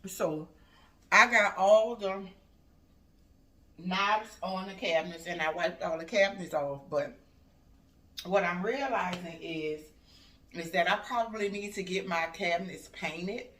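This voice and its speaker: An older woman, talking casually in her home kitchen in a home decor vlog and telling stories in an animated way. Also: lowish voice, measured pace, long pauses, distant mic. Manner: animated storytelling, acts out the voices of her family and laughs. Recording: echoey room, voice off-mic.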